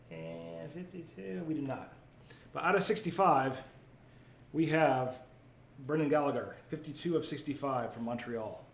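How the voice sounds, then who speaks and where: A man's voice: on the high side, gravelly. A man hosting a live card break, chatting casually while opening packs and reading out viewer comments. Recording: roomy echo, faint ambient noise.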